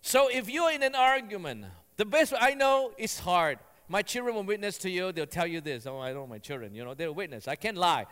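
A male pastor preaching with a fairly high voice, his words ringing out with a long hall echo. He is animated, acting out what people say, and slows right down when he reads scripture aloud. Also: clear, resonant tone. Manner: animated, acts out quotes in raised voice; slow emphatic reading of scripture. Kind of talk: sermon.

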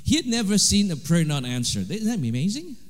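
High-voiced preacher in a reverberant hall. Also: male voice, fairly quick. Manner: animated, swings between loud emphasis and quiet asides. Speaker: pastor. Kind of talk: sermon.

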